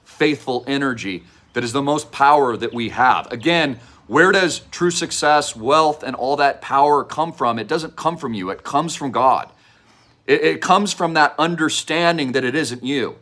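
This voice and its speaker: Fervent preachy man pitching hard. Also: unhurried. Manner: fervent, preachy, repetitive, shouts slogans. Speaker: online show host pitching an investment project. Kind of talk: impassioned direct-to-camera pitch.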